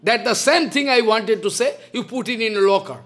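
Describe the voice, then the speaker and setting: A man's voice: high voice, a little fast, fairly bright tone. Impassioned older man scolding in a lecture. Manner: impassioned, scolding, repeats rhetorical questions. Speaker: spiritual teacher. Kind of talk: devotional lecture.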